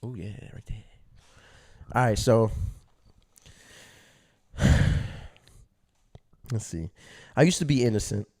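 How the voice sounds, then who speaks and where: A young adult man casually telling a story on his vlog, animated and slangy, laughing at himself and swearing freely. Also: fairly low pitch, slow pace, long pauses. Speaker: vlogger.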